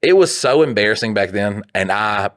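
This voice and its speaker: A man from the Southern United States in his thirties, with a Southern American accent, co-hosting a podcast as an animated, profane storyteller. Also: on the low side, moderate pace, no echo, studio quality. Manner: animated, profane storyteller who laughs through his stories. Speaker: podcast co-host. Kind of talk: casual podcast chat.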